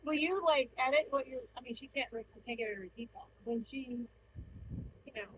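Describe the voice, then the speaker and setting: A woman's voice: sits high, a little fast, background noise. A woman, the horse's owner, asking hesitant questions during a training lesson, often trailing off mid-sentence.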